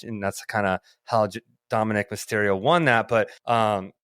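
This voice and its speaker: A man co-hosting a podcast, telling an animated, rambling story in casual chat, swearing freely. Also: fairly low pitch, moderate pace, clear, resonant tone, dry recording, studio quality. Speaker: podcast co-host.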